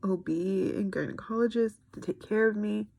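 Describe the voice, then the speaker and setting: A woman's voice: medium pitch, normal speed, gravelly, a little mellow, dry recording. A young woman giving an earnest, frustrated personal video update to her followers. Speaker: vlogger.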